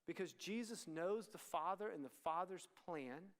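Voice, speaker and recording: This preacher's voice sits high, with a fairly bright tone, and he speaks a little slowly. Addressing a student ministry in a conversational sermon, he often performs the dialogue of the story's characters. The recording carries a long hall reverb.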